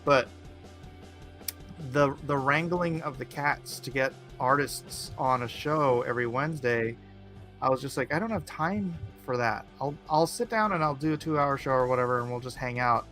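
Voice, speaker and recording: A man's voice: medium pitch, moderate pace, a bit bright, faint music behind. Laid-back man chatting while drawing. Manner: rambling, laid-back, joking. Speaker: livestream host and artist. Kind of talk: casual chat while drawing.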